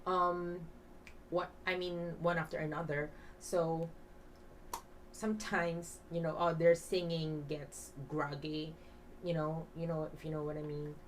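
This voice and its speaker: Low-voiced woman teaching a class. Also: flat delivery, a little slow, distant mic, a little hiss or hum, poor audio. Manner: explains with many fillers, has class repeat words; breathy half-whisper when demonstrating. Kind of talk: demo teaching lesson.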